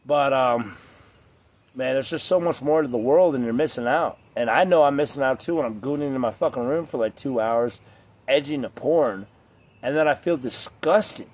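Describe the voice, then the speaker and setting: A man's voice: medium pitch, moderate pace. Blunt, profane young man ranting. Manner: profane, blunt, rambling, mocking voices of others. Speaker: vlogger. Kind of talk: ranting monologue to camera.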